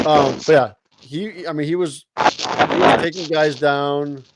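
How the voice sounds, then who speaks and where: A man's voice: a little high, steady tone, slow, heavy background noise. Laid-back man in sports chat. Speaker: podcast co-host.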